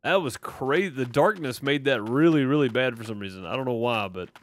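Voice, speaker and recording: A man's voice: medium pitch, brisk. A man with a Mississippi drawl giving loose live commentary over a game he's streaming. He rambles, answers his chat and leans on fillers as he goes. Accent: Mississippi Southern. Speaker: gaming streamer. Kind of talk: casual live gameplay commentary.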